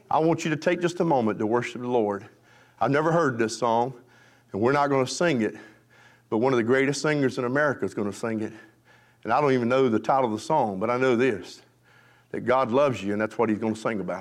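A male pastor preaching a revival sermon, fervent, jumping from shouts to hushed pleading, with folksy call and response to the congregation. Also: mid-range voice.

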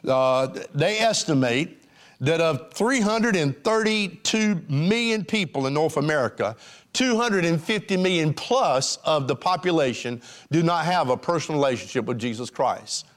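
A man preaching a sermon with a fairly high voice that swings widely as he presses his points. He talks emphatically, rising and falling with the preaching cadence, stumbling over fillers now and then. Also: expressive, normal speed.

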